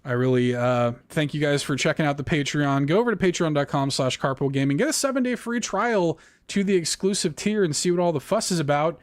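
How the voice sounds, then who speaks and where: A man hosting a casual gaming podcast, chatty and quick to laugh, reading off a list of supporter names. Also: on the high side, dry recording. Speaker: podcast host. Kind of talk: casual chat.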